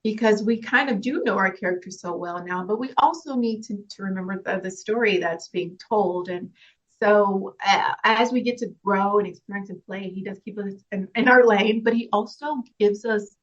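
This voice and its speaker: A woman's voice: mid-range voice, moderate pace, muffled recording. A woman actress talking earnestly and emotionally about her work, laughing through tears at times. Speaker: actress guest. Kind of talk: emotional interview talk.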